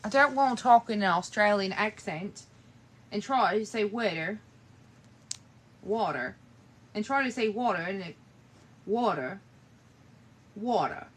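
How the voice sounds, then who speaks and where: A woman's voice: mid-range voice, lively intonation, unhurried, pauses often. A sleepy young woman rambling and swearing casually while livestreaming from bed on her phone at night. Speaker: live streamer. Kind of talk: late-night livestream chat. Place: in bed in a bedroom.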